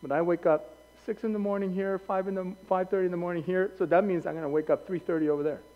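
A male pastor preaching a sermon in an animated way, acting out voices and wandering into anecdotes with self-corrections. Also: high voice, fast talker, in a large hall, narrow, tinny audio. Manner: animated, acts out quoted voices. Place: church hall.

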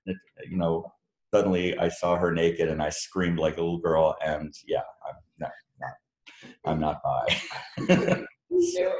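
Deep-voiced man, rambling and self-deprecating. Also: darkish tone, reverberant. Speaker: author answering audience questions. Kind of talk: casual Q&A talk. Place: room with a live audience.

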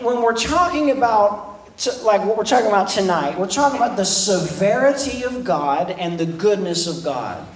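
A man's voice: high-pitched, distant mic. A man preaching an evening sermon as pastor, reading scripture and talking in a loose, conversational way that repeats words and restarts sentences. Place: church service in a room. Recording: echoey room, speaker off-mic, faint noise.

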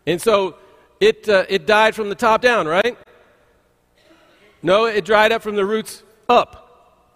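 A high-pitched man preaching from the pulpit of a church. He speaks in a loose, folksy way, often restarting his sentences with an "uh." His voice rings with the long reverb of a large sanctuary. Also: takes it slowly, long pauses, fairly bright tone. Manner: folksy storytelling with frequent "uh" restarts. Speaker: pastor. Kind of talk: conversational sermon.

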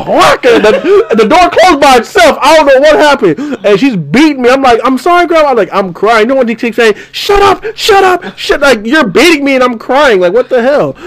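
A young man in casual podcast talk, telling a story with lively sound effects and a voice that climbs when he gets excited. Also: extremely high pitch. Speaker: podcast host.

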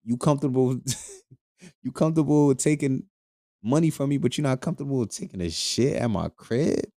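A man's voice: medium pitch, a little fast, warm tone, no echo, clean studio sound. A man hosting a podcast, ranting crudely and jokingly in a loose, rambling way, laughing often. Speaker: podcast host. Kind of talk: casual podcast rant.

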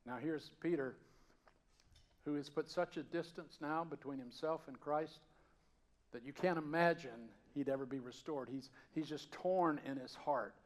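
A man from the Georgia mountains, raised with a Southern accent, preaching a sermon in a conversational, storytelling way that swings from loud to hushed. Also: on the high side, a little slow. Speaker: pastor.

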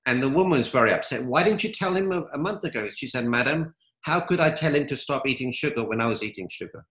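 Bright-voiced motivational man. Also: mid-range voice, expressive, quick pace, reverberant, rough recording. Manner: upbeat, motivational, tells stories. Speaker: guest, coach. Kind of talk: interview answers.

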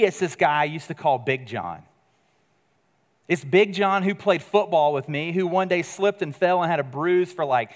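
Male pastor, earnest conversational sermon delivery, slightly raised pitch, reverberant hall sound. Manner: earnest, conversational preaching with sudden drops to quiet emphasis.

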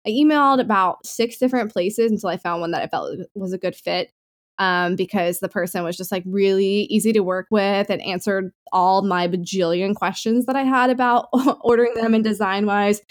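A woman co-hosts a podcast in easygoing, casual chat, rambling upbeat and leaning heavily on fillers. Her pitch is ordinary mid-range, with a steady tone and moderate pace.

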